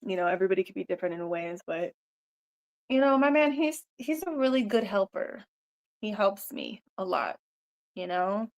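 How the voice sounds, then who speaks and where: A woman's voice: mid-range voice, lively intonation, normal speed, dull audio. A woman hosting a casual livestream, rambling loosely with lots of swearing, laughter and "you know" fillers. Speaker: livestream host. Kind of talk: casual live-stream chat.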